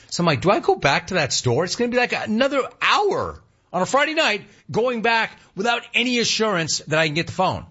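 A man telling a story in a casual, animated way, acting out the other people's lines with sudden jumps in pitch. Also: brisk, breathy edge, lo-fi sound.

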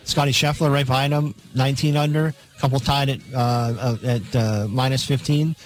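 A man reading sports betting lines on a radio show, matter-of-fact, with halting fillers. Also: medium pitch, fairly even intonation, low-quality recording.

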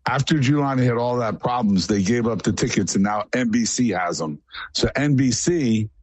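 A middle-pitched man, a guest on a casual radio interview, talks at normal speed in an animated but matter-of-fact way, one rambling story running into the next. His voice has a darkish tone, and the sound is dry and close with no echo.

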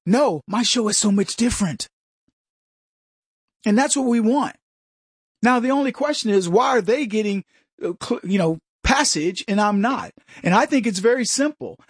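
High-voiced man hosting a talk radio show. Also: dry recording, studio quality. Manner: animated, sarcastic, mocking put-on voices.

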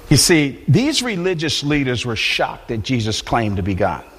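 A man preaching a sermon in a conversational, animated way, often restarting his sentences. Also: medium pitch, measured pace, husky, big-room sound. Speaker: pastor. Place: church.

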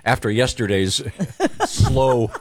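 A man's voice: medium pitch, slow, dry recording. A middle-aged man hosting a morning radio show, rambling through stories and chuckling as he goes.

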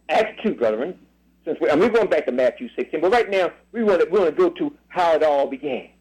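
Radio preacher, male, high lively voice, emphatic call-and-response scripture reading. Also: breathy edge, low-quality recording. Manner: drawn-out emphatic phrasing, repeated questions. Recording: radio broadcast.

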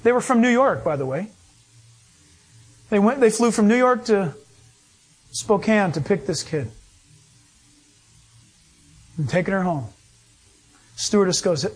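A man preaching a sermon, telling stories with animated delivery and acting out other people's voices. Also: sits high, measured pace, long pauses, slightly rough. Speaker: pastor.

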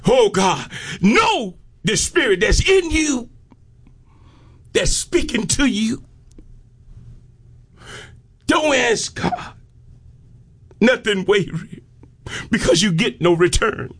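A man. He talks slowly and deliberately, drawing out his phrases, then climbs into shouted peaks. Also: high-pitched, sing-song, breathy edge. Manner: fervent, rhythmic preaching with shouted peaks and drawn-out phrases. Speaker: preacher. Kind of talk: sermon.

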